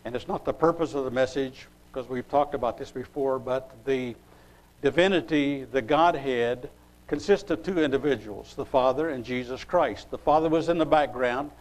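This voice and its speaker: A man preaching a sermon, reading scripture aloud and pausing as he looks up verses. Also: medium pitch, low-quality recording. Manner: unhurried, pausing while looking up verses.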